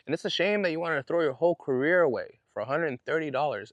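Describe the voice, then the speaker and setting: A man's voice: medium pitch, a little fast, dry recording. A man hosting his own podcast, telling a story in an indignant, fired-up way with casual slang. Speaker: podcast host. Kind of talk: solo podcast monologue.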